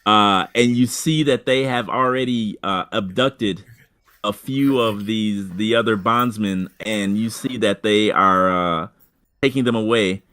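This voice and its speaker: A man narrating a tabletop game as game master, halting, with many fillers and restarts. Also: fairly low pitch, bright, forceful tone, smooth.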